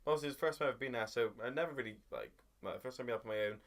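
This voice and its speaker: A young Englishman rattles through a vlog story at a rapid clip. He rambles, leans on filler words and jumps into high squeals to act out what people said, in a voice of middling pitch. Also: a bit bright. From England. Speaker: vlogger. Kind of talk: casual storytelling.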